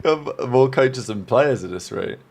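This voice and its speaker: A man co-hosting a casual esports podcast, measured and wry in his remarks. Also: medium pitch, lively intonation, gravelly, a little mellow. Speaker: podcast co-host.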